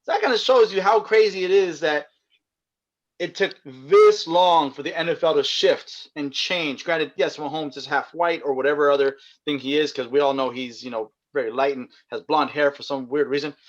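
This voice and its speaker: A man's voice: a little high, moderate pace. A man co-hosting a casual sports podcast, rambling with restarts and frequent laughs. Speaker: podcast co-host. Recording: dull lo-fi sound.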